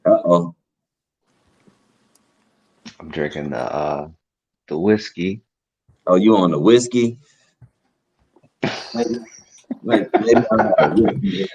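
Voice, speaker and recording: A man's voice: deep voice, expressive, slow, pauses often, dark tone, slightly rough, lo-fi sound. Laid-back man hosting a video-call chat. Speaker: host. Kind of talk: casual chat.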